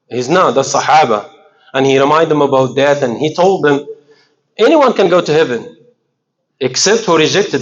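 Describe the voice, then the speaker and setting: A man giving an informal religious talk in an earnest, halting way, asking questions and answering them himself. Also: fairly high pitch, highs cut off. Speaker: religious speaker.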